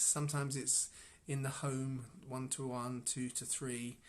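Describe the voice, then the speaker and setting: A man sharing an informal devotional reflection on scripture as a Bible teacher. He muses aloud and keeps stopping to restart his sentences, breaking off with soft chuckles. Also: mid-range voice. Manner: musing, halting, with frequent restarts and soft chuckles.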